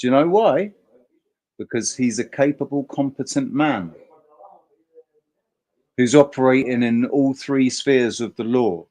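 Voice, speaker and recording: A man's voice: medium pitch, dark tone. A man hosting a casual livestream chat, talking emphatically in a rambling way and swearing freely. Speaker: host.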